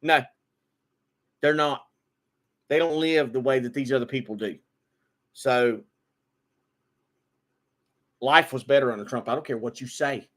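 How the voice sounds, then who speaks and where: A man's voice: medium pitch, unhurried, pauses often, a bit bright. A man giving an opinionated political monologue, repeating words and restarting often, then building to emphatic bursts. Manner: repetitive stammering restarts, rising to emphatic outbursts.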